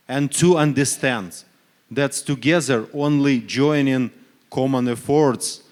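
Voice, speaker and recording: Man, very slow, halting, many fillers, earnest rhetorical questions, forum panel. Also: medium pitch. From Donetsk region, Ukraine. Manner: halting non-native English, frequent fillers and self-corrections. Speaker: panelist, human rights official. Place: conference panel stage.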